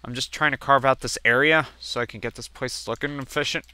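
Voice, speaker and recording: A man of twenty doing casual let's-play gameplay commentary, chatting and telling family stories in which he acts out quoted relatives with sudden jumps in pitch. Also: fairly even intonation, a little fast, sharp tone, clear, resonant tone. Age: 20s.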